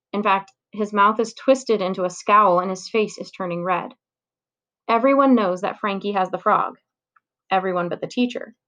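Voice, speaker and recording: A woman's voice: medium pitch, a bit bright. Woman reading a children's story aloud. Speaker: reader.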